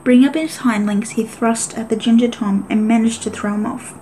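A woman reading a children's animal adventure novel aloud as an audiobook, in a steady, even voice. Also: a little high, a little fast, slight background noise, low-quality recording. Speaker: audiobook reader. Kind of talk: audiobook narration.

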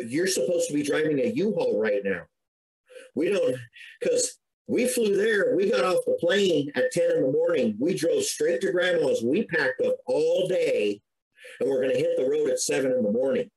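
A man's voice: fairly high pitch, darkish tone, low-quality recording. Earnest middle-aged man telling his story. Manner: earnest, conversational, with frequent restarts. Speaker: podcast guest. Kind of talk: recounting a personal story.

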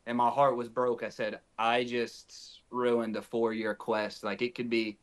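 Young man from north Texas, podcast guest; animated storyteller who acts out the voices of others, mid-pitched. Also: measured pace. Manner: animated, acts out quoted dialogue. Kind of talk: casual storytelling.

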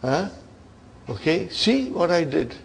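A man lecturing a grammar class, his voice sitting a little high and his delivery slow and deliberate. He keeps stopping to check that his students follow, and a faint hiss of noise runs underneath. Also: very animated, vocal fry. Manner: asks the class frequent checking questions. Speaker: Arabic grammar teacher.

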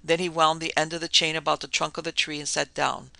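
A man narrating a spooky tale in a measured storytelling manner. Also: fairly high pitch, little pitch movement, vocal fry, bright, forceful tone, no echo, rough recording. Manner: storytelling, measured, dramatic dips.

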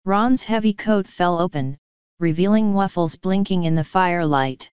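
Woman, audiobook narration, measured, slow, lowish voice, dry dull recording. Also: smooth, no room sound. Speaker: audiobook reader.

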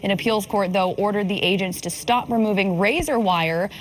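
A woman news anchor reporting a story in a measured way, with some fillers. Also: medium pitch.

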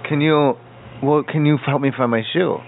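A man's voice: fairly high pitch, steady tone, normal speed, gravelly. A man making a prank phone call, playing a confused, rambling hotel guest. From United States. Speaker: prank caller. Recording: tinny phone-like line, faint noise.

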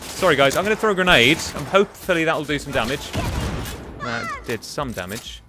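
A man's voice: a little high, lively intonation, brisk, music in the background. A young man giving chatty, exasperated commentary while playing a game. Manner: chatty, exasperated, muttering to himself. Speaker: gaming commentator. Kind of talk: casual let's-play commentary.

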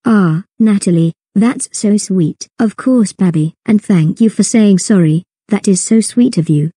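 Woman doing a kind supportive cartoon sister, dark and husky. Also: mid-range voice, unhurried, no echo. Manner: kind, encouraging.

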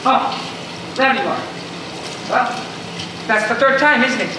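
A student actor playing a prim, stingy gentleman who bargains indignantly, on a school stage. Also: mid-range voice, unhurried, close to an everyday voice. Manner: indignant, fussy, clipped bargaining. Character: stingy, prim gentleman spectator, easily outraged. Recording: echoey stage heard from far off with hiss.

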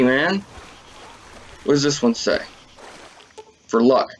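A man giving casual commentary over a video game, excitable and swearing often as he talks to his viewers. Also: medium pitch, slow, a little hiss or hum. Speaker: let's play gamer.

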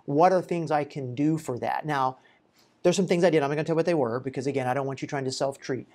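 Speaking to camera in a fairly high, slightly mellow male voice, a chiropractor walks through a patient's case. He keeps it informal and educational, posing rhetorical questions and pausing on filler words.

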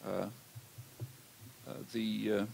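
An older man delivers a scholarly lecture in a hall, slow and deliberate, pausing often on "uh". His voice sits low with a gravelly, creaky edge. A faint hiss runs under the recording. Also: completely flat delivery, darkish tone. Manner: measured, halting, many "uh" fillers. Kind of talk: academic lecture. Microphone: handheld or lectern mic.

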